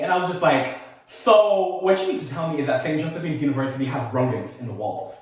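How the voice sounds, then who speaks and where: A man hosting a casual storytime, telling a personal tale in a sassy, animated way with laughing asides. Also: a little high, fast, hardly any pauses, very echoey, far from the mic. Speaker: storytelling host.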